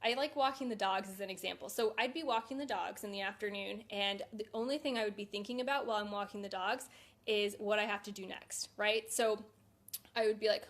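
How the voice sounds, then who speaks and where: A woman's voice: mid-range voice, fairly even intonation, brisk, a bit bright. A woman talking in a casual vlog, chatty and candid, with a lot of fillers. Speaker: fitness coach.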